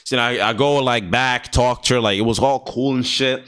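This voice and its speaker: A man's voice: mid-range voice, steady tone, fairly quick, a bit bright, smooth. A young man vlogging a casual storytime, slangy and profane, laughing often and sometimes dropping to a near-whisper.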